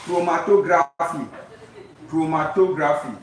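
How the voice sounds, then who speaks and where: High-voiced man teaching in an echoey room. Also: unhurried. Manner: drills students with repeated call-and-response questions. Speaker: chemistry tutor. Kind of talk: exam-prep lesson. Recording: very echoey room, voice far from mic, faint noise.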